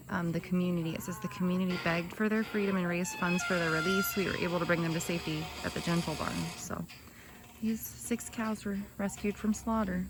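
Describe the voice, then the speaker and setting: A young woman vlogging at an outdoor farm sanctuary, chatty and excitable, cooing at the animals. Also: fairly low pitch. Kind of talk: casual vlog narration.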